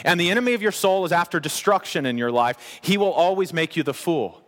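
A man delivering a lively, conversational sermon, his voice sitting a little higher than most. He drops in playful asides as he preaches, and the words carry a long reverb from a large hall. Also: fairly quick, hardly any pauses. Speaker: pastor.

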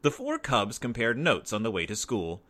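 Expressive man reading a storybook. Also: lowish voice, normal speed. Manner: expressive, animated. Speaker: narrator. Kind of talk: storybook read-aloud.

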